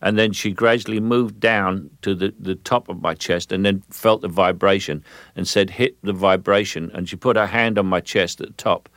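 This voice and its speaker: A man's voice: low voice, steady tone, normal speed, fairly bright tone, no echo, studio quality. An older man with a London Cockney accent, an actor guest in a radio interview, telling stories in a rambling, hesitant way and breaking off to demonstrate voices. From England.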